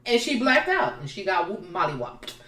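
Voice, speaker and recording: A woman's voice: medium pitch, moderate pace. A woman co-hosting a podcast, casually retelling reality TV drama and acting out the people she quotes. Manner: animated storyteller, acts out the people she quotes. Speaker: podcast co-host. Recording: roomy sound, distant from the mic.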